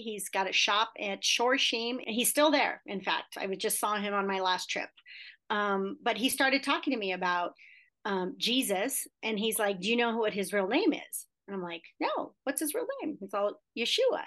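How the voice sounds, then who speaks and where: Brief: fifties woman, interview guest, chatty storyteller who acts out dialogue, mid-pitched voice. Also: fairly bright tone. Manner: chatty, acts out quoted dialogue, many fillers.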